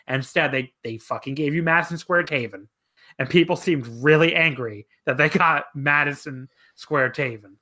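A woman's voice: low-pitched, moderate pace. A woman co-hosting a casual wrestling chat, telling stories with lots of swearing and cackling laughs. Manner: profane, animated storytelling, cackling laughs.

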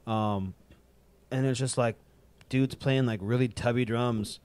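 A young man in casual podcast chat, rambling and animated, often imitating drum beats. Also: mid-range voice, a little slow, smooth.

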